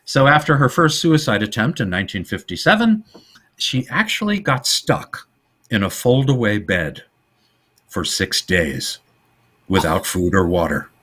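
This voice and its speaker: A man co-hosting a podcast and telling film stories in casual chat. His pitch rises and falls a lot, his voice sits fairly low, and it has a husky edge. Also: unhurried. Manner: animated storytelling, trivia-laden. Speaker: podcast co-host.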